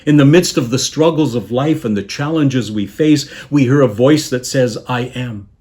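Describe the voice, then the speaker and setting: A man delivers a sermon at an even middle pitch, reflective and lilting as he tells the story. He slows down and lets his voice fall almost to a hush on the key words. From Canada. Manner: measured, dropping softly on quoted words. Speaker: guest preacher.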